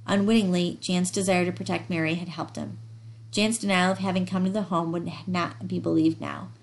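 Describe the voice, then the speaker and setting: Gravelly woman reading a novel aloud. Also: fairly low pitch. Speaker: audiobook reader. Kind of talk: novel read aloud with light character voices.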